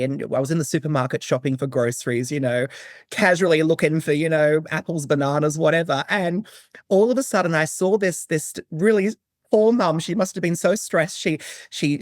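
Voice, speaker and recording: A man as a podcast guest, earnestly telling a personal story, animated and often restarting his sentences. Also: on the high side, moderate pace, no room sound, studio quality. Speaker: guest, psychic medium. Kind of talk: conversational storytelling.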